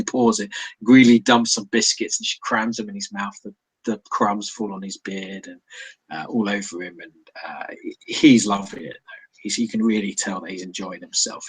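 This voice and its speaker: A man's voice: on the low side, a bit bright, breathy edge, poor audio. A man narrating a tabletop role-playing game as game master, with many fillers and restarts. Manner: hesitant, many fillers and restarts, laughs often.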